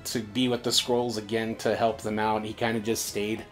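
Male co-host, lowish voice, rambling and restarting, faint music behind. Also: level tone, normal speed, a bit bright. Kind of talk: casual fan chat.

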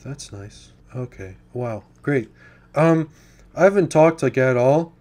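A man's voice: mid-range voice, animated, slow pace, darkish tone. Jumpy male gamer, sudden swearing. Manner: jittery, swings from mumbled worry to sudden swearing; drops to a whisper at times. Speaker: gaming YouTuber. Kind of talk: casual gameplay commentary.

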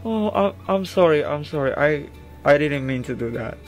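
A man's voice: a little high, animated, moderate pace. A man from the Philippines, chatting humbly and apologetically on a video call. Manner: soft-spoken, humble, apologetic. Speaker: street-style singer on video chat. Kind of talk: casual video chat. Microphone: laptop or phone on video chat. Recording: guitar playing loudly behind. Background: acoustic guitar.

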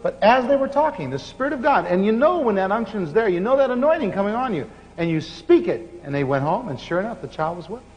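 High-voiced man preaching in a hall. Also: fast talker, few pauses. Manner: animated, laughing storyteller. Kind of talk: sermon storytelling. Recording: muffled hall recording with faint hiss.

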